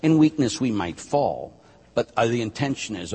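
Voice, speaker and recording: A man, a priest, teaching on a talk show in an emphatic, animated way and acting out what penitents say. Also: medium pitch, moderate pace, slightly rough. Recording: long hall reverb.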